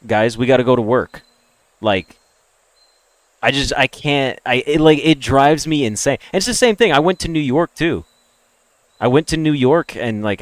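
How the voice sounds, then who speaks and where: A man with a General American accent from the Deep South, streaming and ranting bluntly, swearing freely. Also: no room sound. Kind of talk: casual livestream rant.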